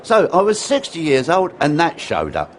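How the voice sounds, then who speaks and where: A man's voice: a little high, normal speed. A man, a guest telling anecdotes and acting out quotes. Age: 60s. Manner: animated, acts out quotes, repeats words. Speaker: interview guest, former dance teacher. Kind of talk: anecdotal storytelling in an interview.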